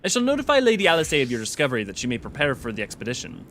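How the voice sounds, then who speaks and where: A man voicing a polite, formal male retainer from a game, speaking high and with theatrical diction. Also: huge pitch swings, very fast, fairly bright tone, slight background noise. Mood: courteous.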